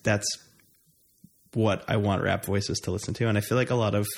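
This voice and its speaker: A young man in casual conversation, talking in a relaxed, rambling way with frequent hesitations. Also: fairly low pitch, moderate pace, creaky. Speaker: conversation partner. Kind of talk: casual chat.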